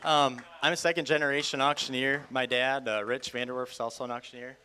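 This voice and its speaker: A young man from Iowa, an auction school student, speaking softly about his family and calling bids in a rapid rhythmic chant. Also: mid-range voice, level tone. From Iowa, USA. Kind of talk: auctioneer's bid calling and interview.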